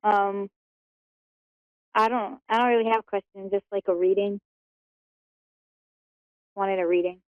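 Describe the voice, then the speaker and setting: A woman calling in to a show, giving short, hesitant answers in a soft-spoken way. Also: mid-range voice, fairly even intonation, unhurried, long pauses, smooth, dry recording, narrow, tinny audio. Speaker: caller. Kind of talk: phone call-in.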